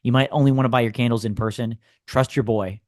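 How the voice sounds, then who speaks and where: A man co-hosting a podcast in casual chat, speaking at a middle pitch. He is easygoing, with filler words and friendly shout-out asides. The sound is dry and close to the mic. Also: fairly even intonation, fast talker, no room sound. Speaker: podcast co-host.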